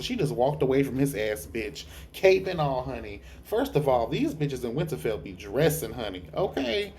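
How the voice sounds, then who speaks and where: List: man, tired, sassy, profane, gossipy TV reviewer, mid pitch, faint background noise. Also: sing-song, moderate pace, few pauses, darkish tone. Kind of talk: casual review vlog. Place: dark room at home.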